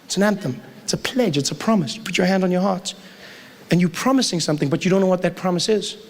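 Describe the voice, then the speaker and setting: A man's voice: high voice, fast, gravelly. A man performing stand-up comedy with a punchy, emphatic delivery. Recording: live show with loud roaring crowd.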